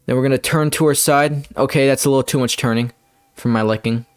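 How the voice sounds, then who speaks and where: A young man giving rambling, playful gameplay commentary, with bursts of excitement when things go his way. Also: mid-range voice, quick pace, clean tone. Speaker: gamer.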